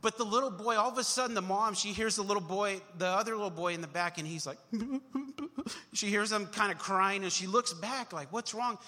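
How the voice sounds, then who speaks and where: High-voiced joking pastor in a reverberant hall. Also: male voice, fast talker, hardly any pauses, bright, forceful tone. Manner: conversational and joking, acts out little voices. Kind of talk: sermon. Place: church sanctuary.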